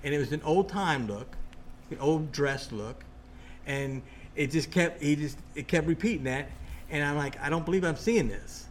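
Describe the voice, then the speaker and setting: Excitable man rambling through a ghost story. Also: fairly high pitch, measured pace, a little hiss or hum. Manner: animated, rambling, restarts often. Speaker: guest telling a ghost story.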